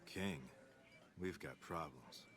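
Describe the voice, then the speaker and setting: An actor playing a grim game messenger who reports urgent trouble in a grave, measured way. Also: male voice, extremely low pitch, fairly bright tone, heavily acted.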